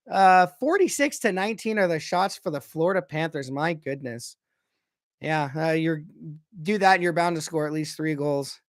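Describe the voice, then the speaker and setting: A young man calling a hockey game casually as a fan, excitable and often correcting himself about player names. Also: sits high, moderate pace, gravelly, no room sound, studio quality. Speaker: fan commentator. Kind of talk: casual play-by-play commentary.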